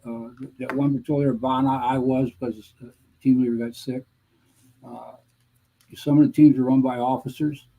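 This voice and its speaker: A man in his seventies, a guest veteran, answering interview questions in a halting, measured way with frequent pauses. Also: mid-range voice, little pitch movement, phone-quality sound. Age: 70s. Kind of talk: conversational interview reminiscing.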